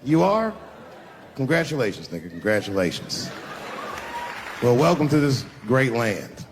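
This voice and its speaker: A male stand-up comedian telling stories in a profane, animated way, jumping suddenly between loud and hushed. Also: mid-range voice, measured pace, in a large hall, a crowd in the background, background noise. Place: stage in a large venue.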